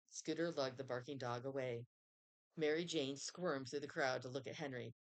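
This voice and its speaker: Low-voiced woman reading a children's book. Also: moderate pace. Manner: expressive, storytelling. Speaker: reader. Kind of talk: children's book read-aloud.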